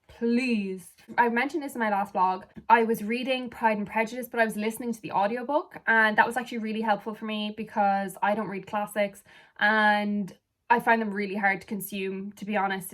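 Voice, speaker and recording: A young woman from Ireland, a book vlogger chatting casually and rambling off on tangents while sitting far back from the camera at home. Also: mid-range voice. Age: young adult. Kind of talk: casual chat.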